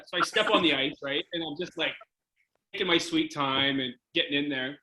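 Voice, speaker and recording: A middle-aged man with a Canadian accent telling a hockey story in a casual interview, animated and acting out quotes. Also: brisk, echoey room, slight background noise, low-quality recording. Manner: animated, acts out quotes with jumps in pitch.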